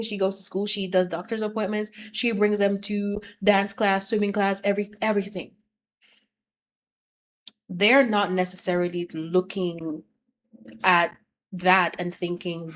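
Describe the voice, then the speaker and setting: A woman's voice: medium pitch, fairly even intonation, measured pace, a little hiss or hum. A woman giving relationship advice in an emphatic, insistent way, repeating her points to drive them home. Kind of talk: advice monologue.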